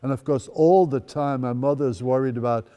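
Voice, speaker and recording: An elderly man in his eighties tells his own life story to a school audience, his voice warm and relaxed. He slips in wry, dry humor between plain recollections. Long reverb trails each phrase as it rings through a large hall. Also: medium pitch, a little fast, clear, resonant tone, lo-fi sound. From Netherlands. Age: 80s. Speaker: guest speaker. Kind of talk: personal storytelling talk. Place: school event space.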